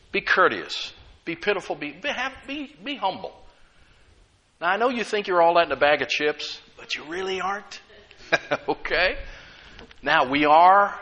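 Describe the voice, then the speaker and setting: A middle-aged man, preaching a sermon as a pastor, lively and full of laughs and acted-out voices. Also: mid-range voice, dull audio.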